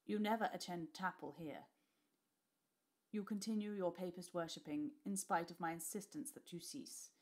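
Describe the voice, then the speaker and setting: Woman voicing a smooth, menacing lord. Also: lowish voice, moderate pace, a little mellow, natural voice. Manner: smooth, then rising in anger. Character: cold scheming male lord, the narrator's uncle.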